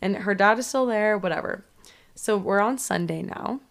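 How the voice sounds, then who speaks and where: A woman's voice: medium pitch, normal speed, creaky. A woman co-hosting a podcast in a casual chat, animatedly recapping a horror movie, swearing and saying "like" a lot. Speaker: podcast co-host.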